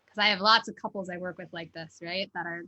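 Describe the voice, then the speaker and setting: A woman's voice: fairly low pitch, fairly even intonation, fast talker, bright, forceful tone, muffled recording. A woman hosting a mindfulness podcast, talking casually and chattily with a guest, often tagging her points with "right?". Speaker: podcast host, mindfulness teacher. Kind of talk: conversational interview.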